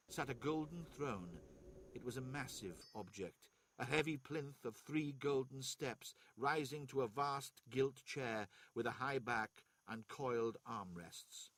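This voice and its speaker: Norwegian man, second-language reader, steady narration, husky. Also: medium pitch, no echo. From Norway. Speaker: streamer reading aloud. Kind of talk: reading a novel aloud.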